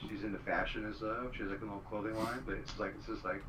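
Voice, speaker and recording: A man's voice: lowish voice, steady tone, fast talker. A man telling a rambling story in casual chat, full of fillers. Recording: distant mic with noise.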